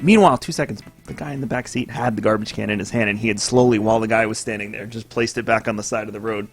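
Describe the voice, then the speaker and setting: Animated storytelling man. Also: medium pitch, quick pace, hardly any pauses, faint music behind. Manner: animated storyteller acting out voices, swearing. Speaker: podcast co-host. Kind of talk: casual storytelling chat.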